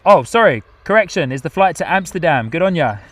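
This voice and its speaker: A man's voice: fairly high pitch, very animated, moderate pace, a bit bright, dry recording. A man hosting a live plane-spotting stream outdoors at an airport, commenting on planes in a chatty way and reading out viewer comments with frequent laughs.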